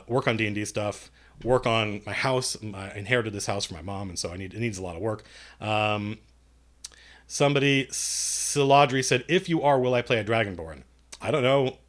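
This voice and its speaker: During a live stream, a man at his desk mic reads chat questions aloud and rambles through his answers, joking at his own expense as he goes. His voice is midrange, easygoing, and fairly bright in tone.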